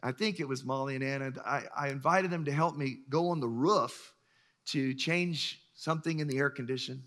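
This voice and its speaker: Middle-aged guy preaching, bright forceful voice, tells stories and does little voices, laughs a lot. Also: mid-range voice, moderate pace. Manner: animated storyteller, acts out voices, chuckles often. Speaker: pastor. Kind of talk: sermon with stories.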